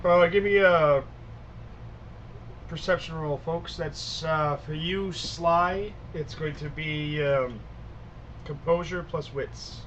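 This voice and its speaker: A man running a tabletop role-play session as storyteller, easygoing and halting, with many fillers and restarts. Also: a little high, fairly even intonation, fairly bright tone, lo-fi sound, a little hiss or hum.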